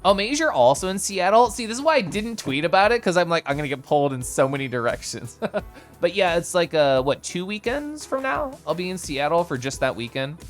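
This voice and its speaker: Male streamer from Kansas, casual chat, lively swooping pitch, playful and laughing, faint music behind. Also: fairly quick. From Kansas, United States. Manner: animated and playful, swings his pitch, laughs often. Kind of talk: casual live-stream chat, reading and answering chat.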